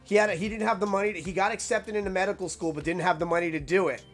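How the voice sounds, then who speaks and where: High-pitched young man, rambling casual storytelling, lots of fillers, faint music behind. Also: fairly even intonation, rapid-fire.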